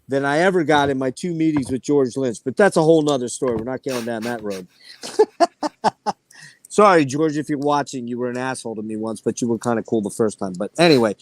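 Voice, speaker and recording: Male host, lively storyteller, slightly high pitch, dry close-miked sound. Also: dry recording. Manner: animated storytelling, swears freely. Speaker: podcast host. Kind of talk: casual chat.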